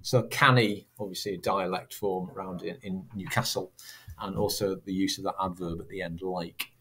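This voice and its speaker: A man's voice: deep voice, fairly even intonation, normal speed, pushed and bright. A man teaching a recorded lesson, chatty and asking his students rhetorical questions. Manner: chatty, asks rhetorical questions, acts out sample accents.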